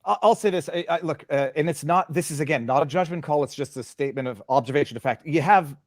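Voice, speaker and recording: A man's voice: fairly high pitch, fast. A man hosting a live stream interview, stammering and hedging as he gets his words out. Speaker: show host.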